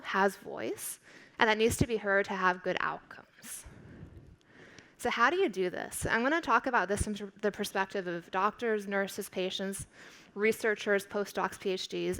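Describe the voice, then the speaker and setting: Woman prof doing a keynote, gravelly fry in her voice, clear and emphatic, big stage. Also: medium pitch, moderate pace, fairly bright tone, low-quality recording. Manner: clear, instructive, emphatic delivery. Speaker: keynote speaker, professor. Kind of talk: conference keynote speech. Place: large conference stage.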